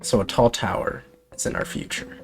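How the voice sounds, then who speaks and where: A man playing a video game and commenting, wry and bemused, often muttering to himself. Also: normal speed. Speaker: let's play streamer. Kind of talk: gameplay commentary. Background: faint game music.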